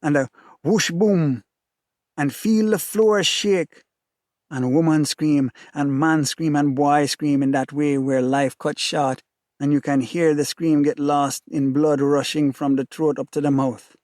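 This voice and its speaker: Jamaican guy reading a story intense and rhythmic, kinda high voice, dry mic. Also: fairly even intonation, a little slow, a little mellow, no echo. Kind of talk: dramatic reading of a novel in first person.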